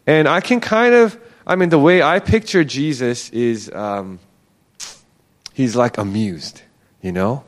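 A man's voice: mid-range voice, animated, a little slow. A man giving a casual Bible teaching, talking conversationally and acting out the quoted lines.

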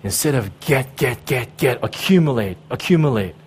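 A man's voice: mid-range voice, expressive, moderate pace, darkish tone, slight background noise. A pastor preaching a sermon in an emphatic way, repeating key words and often checking in with his listeners.

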